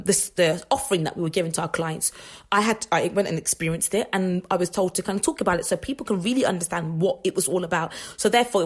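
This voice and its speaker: A woman hosting a faith radio show, telling personal stories in a chatty, rambling way with frequent laughs and restarts. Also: on the low side. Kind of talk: casual faith talk monologue.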